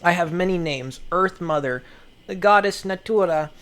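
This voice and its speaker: A woman's voice: on the low side, moderate pace, close to an everyday voice. A woman voicing a sweet anime planet-goddess girl who speaks in a grand, declaring way and then turns tender. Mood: grandiose.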